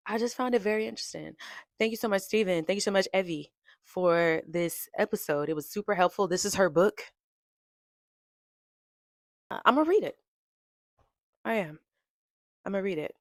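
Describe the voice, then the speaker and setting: Young adult female host, casual and playful, slightly low pitch, dry sound. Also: no room sound. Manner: chatty and playful, laughs often. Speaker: podcast host. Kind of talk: casual chat.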